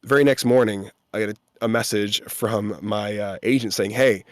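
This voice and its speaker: Man, voice actor guest, animated storytelling, acts out quoted voices, dry close sound. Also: fairly low pitch, normal speed, dry recording. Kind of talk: casual storytelling.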